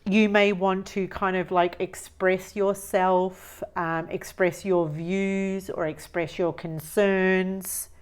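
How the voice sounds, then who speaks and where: A woman giving a tarot reading, musing slowly and repeating phrases as she reads the cards. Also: mid-range voice, little pitch movement, clean tone. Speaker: tarot reader.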